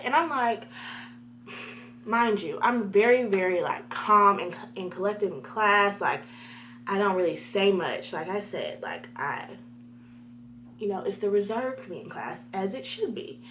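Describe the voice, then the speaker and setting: Animated young woman telling a story. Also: mid-range voice, measured pace, pauses often, slight background noise. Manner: animated, talks to viewers directly. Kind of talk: storytime vlog.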